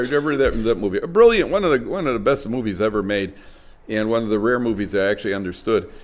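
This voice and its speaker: Man, rabbi, middle-aged, live lecture, lively storytelling, mid-pitched voice. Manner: lively storyteller, acting out dialogue.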